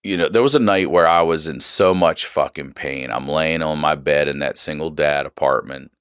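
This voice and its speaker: A man in his forties with a remarkably low, deep voice, telling a personal story as a podcast guest. He talks candidly and swears freely, leaning hard on his words. The sound is close and dry. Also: normal speed, a bit bright, smooth, no room sound. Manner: candid, profane, emphatic retelling. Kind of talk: casual storytelling.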